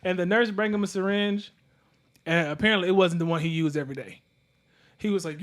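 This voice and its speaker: A man hosting a podcast, chatting casually and telling a lively, slangy story about a surgery. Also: high-pitched, quick pace. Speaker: podcast host. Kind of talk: casual chat.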